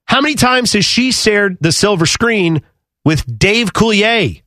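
Man, casual chat co-host, high lively voice, dry close sound. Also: a little slow, dry recording. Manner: animated, rambling, jumps up in pitch when flustered. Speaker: podcast co-host.

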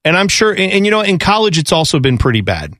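Rambling sports radio co-host, dry. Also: male voice, high-pitched, fast, no room sound. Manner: rambling, animated, self-interrupting. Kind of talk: casual sports talk.

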